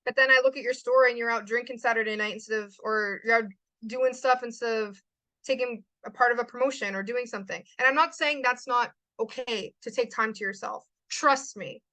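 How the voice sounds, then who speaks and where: A young woman gives an emphatic motivational talk to her live chat. Her voice is high and bright. The sound is dry and close. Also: a little fast, dry recording, poor audio. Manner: emphatic, repeats lines for stress. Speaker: host.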